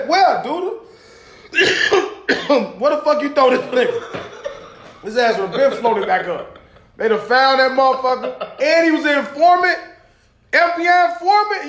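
High-voiced man joking in an echoey room. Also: slight background noise. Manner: laughing, profane, animated storytelling. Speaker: podcast co-host. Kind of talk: casual chat.

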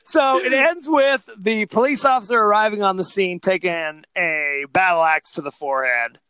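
A man co-hosting a podcast in casual chat, animated and laughing as he retells scenes. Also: high-pitched, normal speed, clear, resonant tone, no echo. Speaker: podcast co-host.

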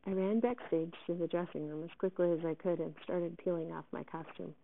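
A woman's voice: lowish voice, a little fast, gravelly. Woman teacher reading a novel aloud. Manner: expressive first-person reading. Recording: tinny phone-like sound.

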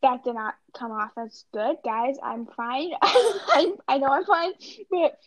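A woman's voice: high-pitched, expressive, takes it slowly, dry recording, rough recording. A teenage girl co-hosting a podcast, telling stories in a bubbly, laughing way. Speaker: podcast co-host. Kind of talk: casual chat.

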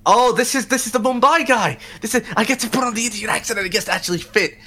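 A man's voice: extremely high pitch, sharp tone. A man co-hosting a podcast, blunt and mocking as he reviews demos in casual chat. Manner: blunt, mocking, quick to judge. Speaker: podcast co-host.

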